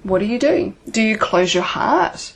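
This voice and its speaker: Husky woman coaching with earnest questions. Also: fairly high pitch, very animated, measured pace. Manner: earnest rhetorical questions, occasional swearing. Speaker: relationship coach. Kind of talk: coaching talk to listeners.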